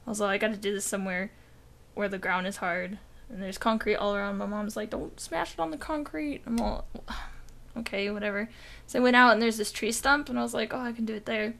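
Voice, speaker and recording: A woman's voice: medium pitch, flat delivery, quick pace, vocal fry, a bit bright. A young woman co-hosting a podcast, telling a rambling story in casual chat, full of "like" and swearing. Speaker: podcast co-host.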